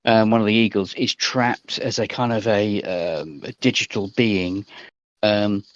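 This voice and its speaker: A man narrating as game master in a tabletop game, rambling and hesitant with many pauses. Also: fairly low pitch, fairly even intonation, no room sound. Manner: rambling, hesitant, lots of ums. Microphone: voice call mic. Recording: dry, slightly dull voice call.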